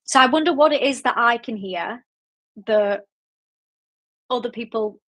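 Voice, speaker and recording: A higher-pitched woman in her late twenties speaks with a Yorkshire accent. She hosts a casual livestream and answers her viewers in a chatty, rambling way. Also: unhurried, pushed and bright. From Yorkshire, England. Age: late 20s. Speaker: book club livestream host. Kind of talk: casual livestream chat reading viewer comments.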